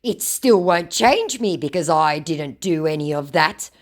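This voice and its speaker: A man's voice: a little high, animated, unhurried, pitched above the performer's own voice. A woman reading out the lines of a defiant young male romance scammer who taunts and justifies himself. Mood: taunting.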